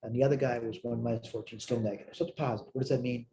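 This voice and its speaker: A man's voice: medium pitch, steady tone, rapid-fire, dark tone, a little hiss or hum. A tired man teaching a recorded math lecture, thinking aloud as he works problems, correcting himself and answering his own questions. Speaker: math instructor.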